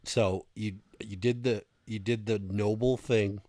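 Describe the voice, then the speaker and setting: A man's voice: lowish voice, fairly even intonation, unhurried, darkish tone, no echo. A man co-hosting a podcast, telling stories in a casual, profane way on a close mic. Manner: storytelling, profane, laughing. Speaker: podcast co-host. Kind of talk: casual chat.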